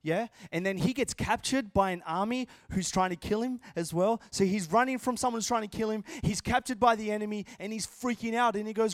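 A man's voice: sits high, moderate pace, few pauses, no echo, studio quality. A man preaching a sermon as a pastor, earnest and emphatic, repeating his phrases.

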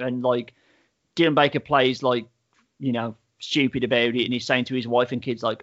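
A man's voice: medium pitch, flat delivery, moderate pace, a bit bright. Rambling man recapping a show, lo-fi. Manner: rambling storyteller, many "like" fillers, swears freely. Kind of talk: casual chat, reviewing a TV show.

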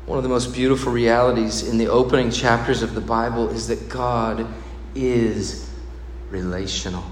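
A man preaching a sermon, swinging between loud emphasis and hushed, low passages. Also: echoey room, big-room sound, a little hiss or hum. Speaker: pastor.

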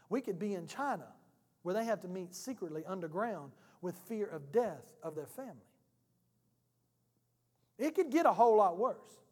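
A man with a high-pitched voice for his gender delivers a spirited, funny sermon in a conversational, friend-to-friend tone. Behind him, the church hall's long reverb trails on.

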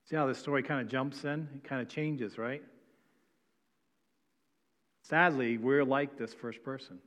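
A man's voice: mid-range voice, fairly even intonation, measured pace, fairly bright tone. A male pastor preaching a sermon, reading scripture aloud and then explaining it with frequent "right?" tags. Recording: dull sound with long hall reverb.

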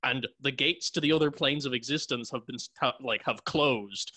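A man, a guest on a podcast, explaining his game character in an animated casual way. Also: mid-range voice, normal speed. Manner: animated, laughs. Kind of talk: casual chat.

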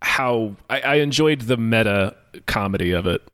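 A man co-hosting a podcast, chatting casually and laughing easily between halting remarks. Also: lowish voice, lively intonation, fairly bright tone, clear, resonant tone, no echo, studio quality. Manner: easygoing, laughs often, trails off. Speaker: podcast co-host. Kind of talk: casual chat.

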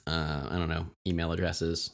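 A man's voice: low voice, little pitch movement, moderate pace. A man co-hosting a podcast, rambling and joking in casual chat. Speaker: podcast co-host.

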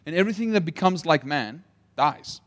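Guy preaching a sermon, kinda high voice, animated, keeps asking the crowd questions. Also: moderate pace. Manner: asks the audience rhetorical questions; animated storytelling with acted-out quotes. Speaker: pastor.

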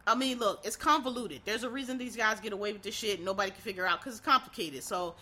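Bright-voiced woman ranting about politics. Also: mid-range voice, quick pace. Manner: animated, profane, rambling rant. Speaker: political commentator. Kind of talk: casual solo commentary.

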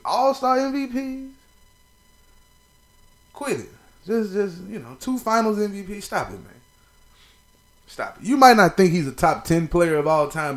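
A young man hosting a podcast, talking sports in a casual, profane, playful monologue full of shout-outs. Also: on the high side. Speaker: podcast host.

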